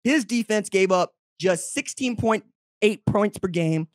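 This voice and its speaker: A man hosting a college football show, giving brash, teasing commentary straight to his audience and jumping high and loud when he gets excited. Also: a little slow, no room sound, clean studio sound. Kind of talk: opinionated sports commentary to camera.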